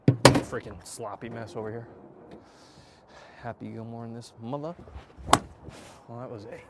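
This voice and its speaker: A man chatting casually to viewers while hitting golf balls, excitable and self-mocking, swearing often and breaking into loud outbursts. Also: medium pitch, unhurried, very noisy. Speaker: golf vlogger. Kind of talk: casual range-session chat to viewers.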